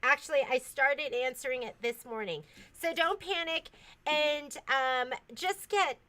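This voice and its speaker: A woman co-hosting a shop livestream, talking fast in casual chat and laughing often. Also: high-pitched, sharp tone. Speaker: shop co-host.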